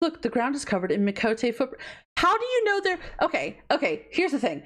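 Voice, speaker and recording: A woman's voice: high-pitched, brisk. Woman streamer rambling while she plays, swears a lot, voice bounces all over. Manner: animated, swears, trails off mid-thought. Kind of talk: casual gameplay stream chat.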